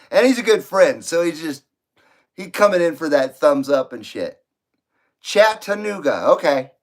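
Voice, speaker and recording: A man from California hosting a live stream, reading viewer comments in a casual, joking, profane and rambling way. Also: a little high. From Ventura County, California. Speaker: livestream host.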